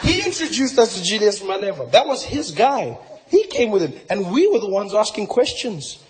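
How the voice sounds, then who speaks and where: A man doing a stand-up comedy set, animated and swinging between shouting and muttering. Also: high-pitched, moderate pace, a crowd in the background. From South Africa. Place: large live comedy venue. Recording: live stage recording with audience noise.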